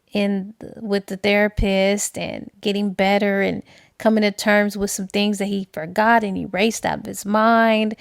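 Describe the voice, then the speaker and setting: Animated woman recapping a book. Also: fairly high pitch, gravelly, no echo, clean studio sound. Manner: animated, slangy storytelling. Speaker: book reviewer. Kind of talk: casual book review recap.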